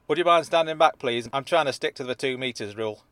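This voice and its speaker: A man voicing a polite but impatient male postal worker in an audiobook, with a brisk, firm, slightly exasperated manner. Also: medium pitch, a bit bright, no room sound, natural voice. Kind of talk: audiobook character voice.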